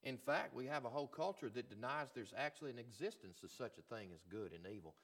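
A man preaching a sermon as pastor, swinging from loud emphatic lines to quiet, low ones. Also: animated, fast.

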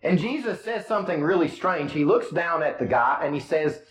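A Midwestern American pastor preaching with a lively, swooping delivery, his voice a little on the high side. He retells scripture in plain, chatty words, and his voice rings in an echoey room. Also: moderate pace, a little hiss or hum. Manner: storytelling, paraphrasing scripture in his own casual words. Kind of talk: sermon.

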